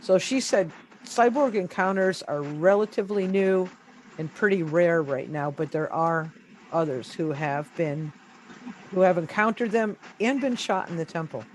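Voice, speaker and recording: A woman interview guest on a video call, telling her own story in casual speech, hesitant and halting, repeating words as she searches for them. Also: lowish voice, lively intonation, slight background noise, poor audio. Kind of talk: casual first-person storytelling.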